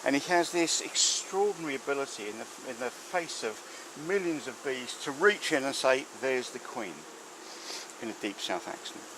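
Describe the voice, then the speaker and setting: An animated man speaks fairly quickly at medium pitch with few pauses, chatting and rambling through lots of fillers as he works a beehive outside. Background noise and clearly buzzing bees fill the handheld or mounted camera recording.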